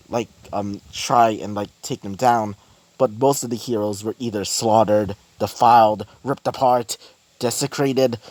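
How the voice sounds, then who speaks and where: Slow, halting male storyteller. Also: medium pitch, darkish tone. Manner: halting, many fillers and restarts. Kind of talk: improvised fan-fiction narration.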